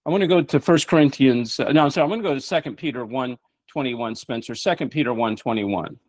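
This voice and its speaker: Fast and darkish in tone, a middle-aged man's mid-range voice drives an emphatic, preaching talk-show monologue packed with rhetorical questions. The recording is dry.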